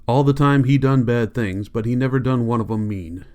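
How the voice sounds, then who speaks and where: A man voicing a grim, weary ranch worker loyal to his friend, speaking in a low, quiet rural drawl. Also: normal speed, natural voice. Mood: urgent.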